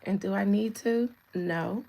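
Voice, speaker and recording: A woman's voice: medium pitch, measured pace, vocal fry, warm tone, rough recording. A woman in her thirties reading tarot on a casual livestream, chatting with viewers and laughing often. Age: 30s. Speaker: tarot reader.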